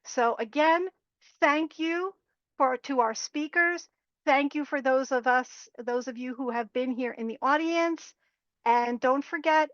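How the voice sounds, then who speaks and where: Woman presenter, high-pitched, slow and encouraging, dry dull webinar audio. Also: a bit bright, no echo. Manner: upbeat, encouraging, demonstrating chants. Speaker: workshop presenter. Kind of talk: guided laughter yoga exercise.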